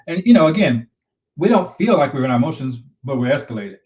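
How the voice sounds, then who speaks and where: A man's voice: mid-range voice, big pitch swings, fast, a little mellow, distant mic. Earnest man coaching couples, roomy sound. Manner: earnest, repeats himself, advice-giving. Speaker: relationship coach and co-host. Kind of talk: live-stream chat.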